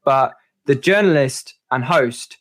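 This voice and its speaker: A woman's voice: very deep voice, animated, slow. A woman guest on a podcast, talking things through in a hesitant, thoughtful way full of fillers. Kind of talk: casual chat.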